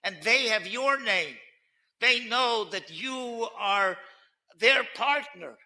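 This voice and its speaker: A man's voice: very high-pitched, lively intonation, slow pace, pushed and bright. A man giving a Torah talk as a rabbi, earnest and teacherly, who drops in Hebrew terms and pushes hard on key words. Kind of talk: Torah lecture on current events.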